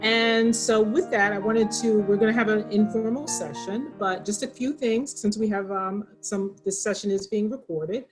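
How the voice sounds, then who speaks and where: A woman's voice: medium pitch, steady tone, normal speed, few pauses, over music, poor audio. A woman with a Pennsylvania accent hosting a library video call, chatty and rambling with frequent restarts. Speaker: library program host. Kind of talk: casual moderated video call.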